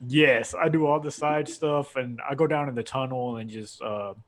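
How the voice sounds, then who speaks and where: A man's voice: medium pitch, steady tone, normal speed, a loud crowd. A young man hosting a casual podcast, rambling through a long story with frequent laughs. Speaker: podcast host. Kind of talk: casual chat.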